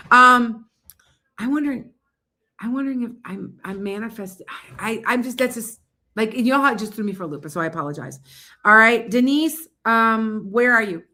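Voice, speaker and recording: A woman hosts a casual psychic livestream from her home. She talks fast and rambles in an animated way as she chats with viewers. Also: on the high side. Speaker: psychic reader hosting a livestream.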